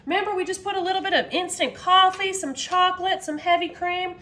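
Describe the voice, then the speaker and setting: Woman, high voice, excitable, casual cooking demo, faint clinking dishes. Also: a little fast, slight background noise. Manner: excitable, talks to viewers as "y'all". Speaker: home cooking vlogger.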